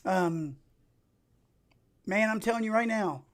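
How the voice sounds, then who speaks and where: A middle-aged man with an Appalachian accent, chatting casually and excitably while streaming video games and telling rambling stories. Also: sits high, takes it slowly. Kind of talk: casual live-stream chat while gaming.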